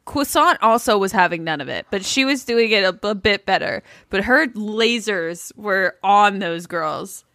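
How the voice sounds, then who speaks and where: A woman's voice: mid-range voice, expressive, measured pace, few pauses, fairly bright tone, no echo, clean studio sound. A woman co-hosting a podcast, chatting bluntly and with lots of swearing about a reality show. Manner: blunt, profane, giggly. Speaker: podcast co-host. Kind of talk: casual reality TV recap chat.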